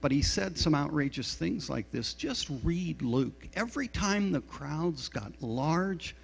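Middle-aged guy preaching, slow and kinda gravelly, big echoey church with a hum underneath. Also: fairly high pitch, lively intonation. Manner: confessional, self-deprecating storytelling. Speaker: pastor. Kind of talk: sermon. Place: church sanctuary. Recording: reverberant hall with mains hum.

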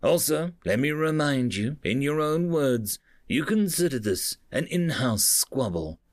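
A man voicing a stern, weary male starship captain who gives clipped, flat commands. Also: medium pitch, measured pace, no room sound, studio quality, pitched above the performer's own voice, lightly acted. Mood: blunt.

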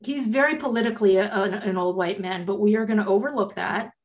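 A woman's voice: mid-range voice, quick pace. A woman co-hosting a podcast, chatting casually in a blunt, joking way and swearing now and then. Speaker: podcast co-host. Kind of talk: casual chat.

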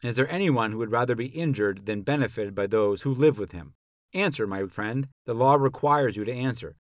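A man's voice: medium pitch, brisk, no echo, studio quality, natural voice. A man voicing an elderly philosopher on trial, questioning his accuser in a rhetorical, pointed way. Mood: probing, indignant. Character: elderly male philosopher on trial, probing and ironic. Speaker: podcast narrator. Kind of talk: dramatic reading of a classical dialogue.

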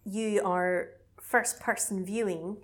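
A woman co-hosting a casual podcast, retelling a film in a chatty, animated way. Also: mid-range voice, takes it slowly. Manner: chatty, animated storytelling with laughs. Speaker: podcast co-host recapping a film. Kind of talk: casual chat.

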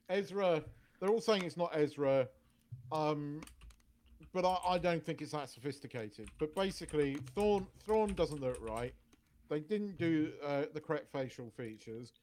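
A man co-hosting a casual pop culture podcast, talking in a halting way with many restarts. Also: on the high side, animated, a little mellow, slight background noise. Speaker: podcast co-host. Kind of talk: casual chat.

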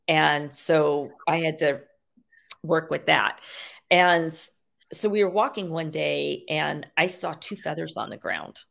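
In a casual storytelling interview, the guest, a woman who is an animal communicator and medium, rambles through her stories with many fillers and lots of "you know." She speaks slowly in a low, creaky voice with a fairly bright tone.

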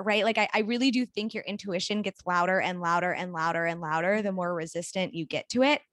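A woman co-hosting a podcast, telling a personal story in a candid, animated way with frequent swearing. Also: medium pitch, moderate pace, hardly any pauses, dry recording. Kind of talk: casual conversation.

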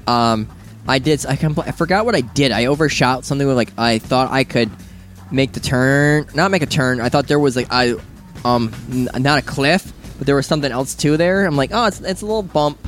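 A man's voice: medium pitch, moderate pace, a bit bright, soft background music. A man co-hosting a casual podcast, rambling about video games and acting out his own reactions. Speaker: podcast co-host.

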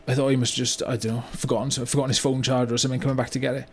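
Played by an actor with light acting, a blunt, remorseful older British car yard owner tells a story in a mock-documentary comedy monologue, rambling with "you know" and "right?". His mid-range male voice is flat and rapid-fire, the mood rueful, with slight background noise.

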